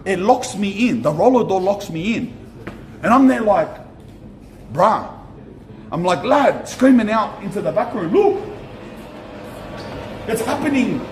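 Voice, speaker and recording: A young Australian man tells a story on a vlog outside a shop, animated and slangy, swearing and repeating himself. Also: sits high. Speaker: streamer. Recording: echoey with faint ambient noise.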